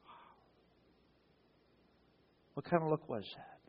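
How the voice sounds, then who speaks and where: A man's voice: slow pace, lo-fi sound. A man preaching a sermon as a pastor, telling the story dramatically and acting out the quotes.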